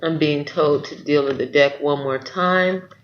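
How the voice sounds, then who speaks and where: Man, tarot reader, encouraging, earnest, fairly high voice, slightly dull lo-fi sound. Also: a little slow, heavy background noise. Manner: encouraging, earnest, often asks "okay?". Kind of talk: spiritual tarot reading to camera.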